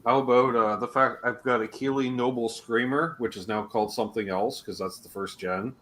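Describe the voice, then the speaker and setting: A man's voice: mid-range voice, fairly even intonation, fairly quick, fairly bright tone. A man from Canada hosting a casual chat about guitar gear, talking with enthusiasm and laughing often. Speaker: channel host.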